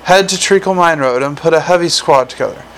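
A weary watch commander , as a male narrator puts him on, barks short, low orders. His tone stays firm and businesslike. Soft background ambience hums under the voice. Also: fast, a little hiss or hum, rough recording. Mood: commanding. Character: gruff weary middle-aged male city watch commander.

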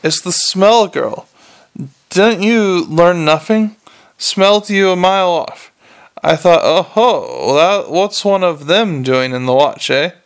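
A man voicing a scruffy, cynical talking mongrel dog with a bored, streetwise grumble and a gravelly voice. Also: high-pitched, animated, slow, exaggerated voice. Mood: grumbling.

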